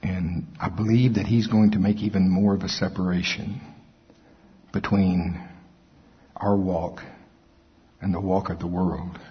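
Husky-voiced man preaching in an echoey hall. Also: deep voice, steady tone, unhurried, long pauses. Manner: folksy storytelling, self-mocking humor. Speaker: pastor. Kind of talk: sermon. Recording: echoey hall, dull lo-fi sound.

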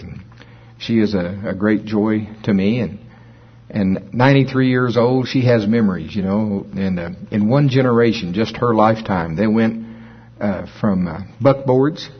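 A man's voice: lowish voice, husky. A man in his sixties preaching a sermon in a folksy, storytelling manner. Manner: folksy, storytelling, chuckles at his own jokes. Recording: dull lo-fi recording.

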